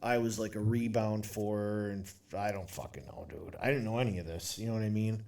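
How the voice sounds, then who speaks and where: A man's voice: on the low side, steady tone, brisk, a little mellow, recorded from a distance. A young man co-hosting a podcast, telling a long story in a rambling, profane way and laughing as he goes. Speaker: podcast co-host. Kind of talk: casual storytelling chat.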